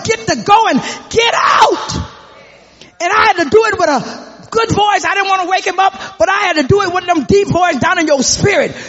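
A man preaching a fervent sermon, often shouting and calling out to the congregation for responses. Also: extremely high pitch. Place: church sanctuary. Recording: echoey hall, dull lo-fi sound.

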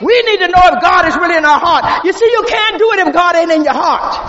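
A man preaching an impassioned sermon in a large church. He builds to shouts and repeats his refrains. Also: extremely high pitch, lively intonation, fast talker. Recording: echoey hall, dull sound, faint congregation.

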